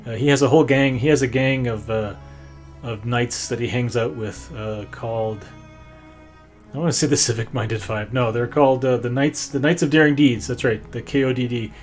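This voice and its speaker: A man's voice: medium pitch, steady tone, moderate pace, a little mellow, soft background music. A man running a tabletop game as game master, rambling and stopping often to find his words. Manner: rambling, many fillers and restarts.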